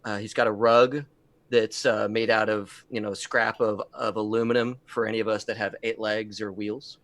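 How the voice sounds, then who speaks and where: A man's voice: on the low side, level tone, normal speed, a bit bright. A man playing a tabletop role-playing game, rambling and restarting as he describes scenes. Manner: rambling, many restarts and fillers. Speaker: player. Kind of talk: casual tabletop play.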